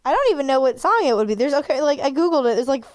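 A woman's voice: high voice, big pitch swings, rapid-fire, a little mellow, no room sound. A woman co-hosting a podcast in casual chat, chatty and laughing often as she tells stories. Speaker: podcast co-host.

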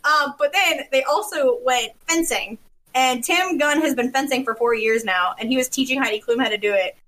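A woman chatting casually, telling a lively story, acting out what people said and laughing often. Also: high voice, moderate pace. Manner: animated storyteller who acts out quotes and laughs often. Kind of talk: casual chat.

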